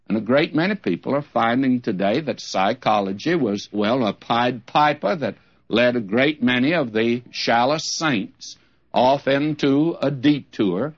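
An older man teaching a Bible sermon in a folksy, emphatic way, often calling his listeners friends. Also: mid-range voice. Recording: dull lo-fi old recording.

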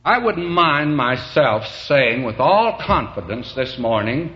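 A man preaching a sermon, telling homely stories slowly and building to fervent emphasis, with a recurring "may I say to you". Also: medium pitch, big pitch swings, lo-fi sound. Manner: slow, folksy storytelling that swells to fervent emphasis; repeats the phrase "may I say to you".

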